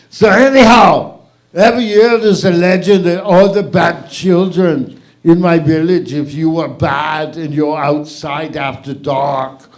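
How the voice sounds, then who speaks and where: A man doing an impression of a gruff action-star strongman with a put-on Austrian German accent, telling a village tale slowly with many fillers. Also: on the high side, a little mellow. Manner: slow, halting delivery with many fillers. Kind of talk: stand-up celebrity impression.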